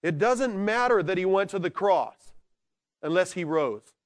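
A man preaching from the pulpit in a fairly high voice. He moves between slow, hushed stresses on key words and lively, excited bursts. The delivery is animated and conversational. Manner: animated, swinging from quiet emphasis to excited shouting. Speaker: pastor. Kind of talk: sermon.

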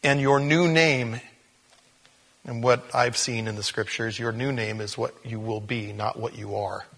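Husky-voiced man preaching in a hall. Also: mid-range voice, measured pace. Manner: animated, shifts emphasis dramatically, sudden loud rises. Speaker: pastor. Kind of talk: expository sermon. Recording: long reverb of a large hall.

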